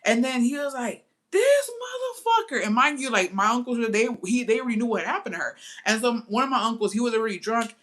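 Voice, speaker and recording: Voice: mid-range voice, fast, few pauses, a bit bright. A young adult telling a family story in a casual, profane way, switching between English and Spanish and talking straight to viewers. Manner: chatty, addresses viewers directly. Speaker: storytime vlogger.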